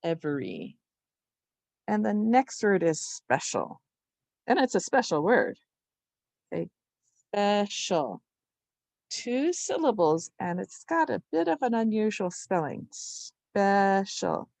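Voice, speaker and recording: Slow, patient woman teaching spelling. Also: mid-range voice, big pitch swings, vocal fry, a little mellow, dry recording. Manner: slow, patient, sounding out syllables. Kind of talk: spelling lesson for young children.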